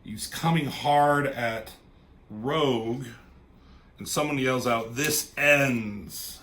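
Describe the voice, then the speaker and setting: A man's voice: mid-range voice, slow pace. A man reviewing a comic book in a loose, rambling, casual way, swearing freely and trailing off as he goes.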